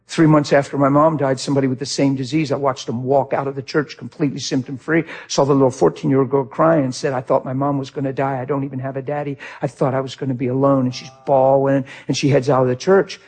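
A middle-aged male pastor preaching a sermon with passion, swinging from shouts to quiet, heartfelt talk. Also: medium pitch, gravelly, slightly rough.

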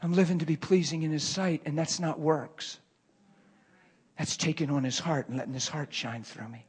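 A man preaching and telling a story from his working life, moving from hushed murmurs to loud, excited bursts. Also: on the high side, normal speed, husky. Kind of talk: sermon storytelling.

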